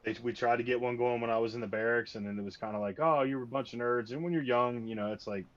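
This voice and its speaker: A man's voice: mid-range voice, steady tone, fast talker. A man who runs tabletop games, chatting casually and telling stories with frequent restarts and cursing for emphasis. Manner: storytelling, swears for emphasis, self-interrupting. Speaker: game master and host. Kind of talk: casual chat. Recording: slightly muffled lo-fi stream audio.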